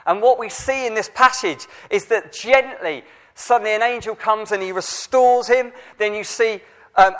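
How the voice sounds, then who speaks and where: A man's voice: sits high, fairly bright tone. A man preaching a sermon, telling a personal story in a conversational way with frequent restarts.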